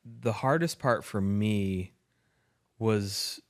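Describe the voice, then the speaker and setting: Podcast host, man, lowish voice, earnest and reflective, casual chat. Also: extremely slow. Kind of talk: casual heartfelt conversation.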